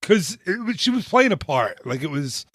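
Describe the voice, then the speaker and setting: Animated man telling a story. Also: fairly high pitch, moderate pace, slightly rough, no echo, studio quality. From northern United States. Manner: animated storyteller, frequent restarts. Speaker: podcast co-host. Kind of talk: casual chat.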